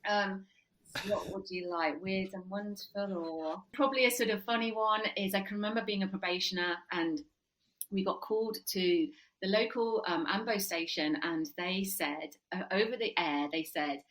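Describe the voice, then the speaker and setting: Animated woman telling stories in an interview. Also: mid-range voice, moderate pace, poor audio. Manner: animated storyteller with frequent ums, often laughing. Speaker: psychotherapist and former police officer. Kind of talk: conversational podcast interview.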